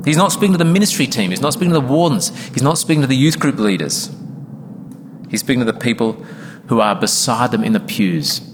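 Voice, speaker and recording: In a church, a male pastor preaches a sermon in a mid-range voice, animated and a little fast. He's earnest and emphatic, sometimes acting out quoted congregation members. Background noise mixes with the long reverb of the church hall.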